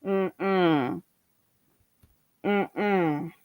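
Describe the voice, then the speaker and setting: A woman's voice: lowish voice, extremely slow, a little mellow, no room sound. A woman from Jamaica hosting a livestream, ranting in a profane, combative and mocking way. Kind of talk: heated livestream rant.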